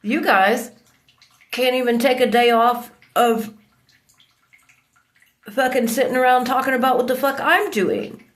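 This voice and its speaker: A woman's voice: high-pitched, unhurried, long pauses. Furious ranting woman, profane and accusing. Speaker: vlogger. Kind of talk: angry confrontational rant.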